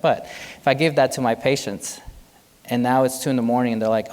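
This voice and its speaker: A man, a physician, giving a lively, conversational conference keynote and joking with the audience. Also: mid-range voice, fairly quick. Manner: animated, conversational, jokes with the audience. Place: large hotel conference hall. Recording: long hall reverb.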